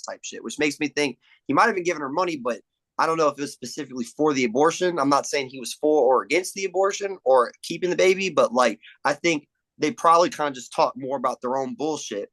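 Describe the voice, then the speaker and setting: Bright-voiced young man, casual and profane. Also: on the high side, fast talker, rough recording. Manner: relaxed, swears freely, acts out movie lines. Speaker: podcast guest. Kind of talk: casual chat.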